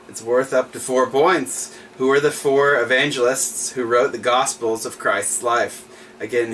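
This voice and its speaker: A man's voice: medium pitch, fairly bright tone, recorded from a distance, slight background noise. A man hosting a livestreamed trivia night, reading each question twice and chatting with small laughs in between.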